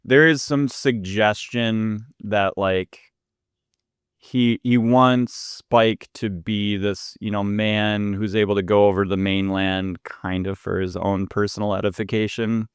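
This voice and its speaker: A man with a lowish, smooth and clear voice talks through a film's plot in a relaxed podcast chat, leaning on ums and uhs as he goes. The sound is dry and close. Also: unhurried, no room sound. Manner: relaxed, recaps plot with many fillers. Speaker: podcast co-host. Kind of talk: casual film review chat.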